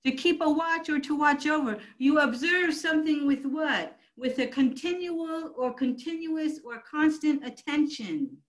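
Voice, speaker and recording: A woman's voice: high voice, lively intonation, measured pace, few pauses, rough recording. A woman pastor preaching a sermon, emphatic and calling out to her congregation. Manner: emphatic preaching, calls out to the church.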